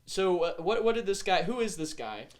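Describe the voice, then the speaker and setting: A man's voice: high-pitched, very animated, moderate pace. A man hosting a podcast, animatedly recapping the tabletop game he ran, swearing freely. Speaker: game master and podcast host.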